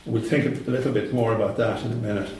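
A man preaching a sermon, slow and emphatic, repeating phrases for weight. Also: lowish voice, fairly even intonation, darkish tone. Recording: very echoey room.

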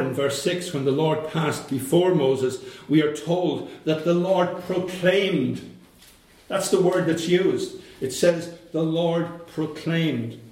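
A man preaching a sermon, slow and emphatic, repeating phrases for weight. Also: on the high side, darkish tone. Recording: very echoey room.

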